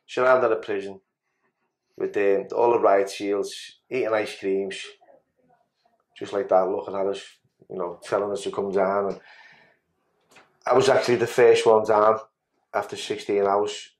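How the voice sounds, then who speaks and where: A man's voice: on the low side, steady tone, measured pace, pauses often. A man tells a story as a podcast guest in casual talk. He is blunt and sweary and often restarts his sentences.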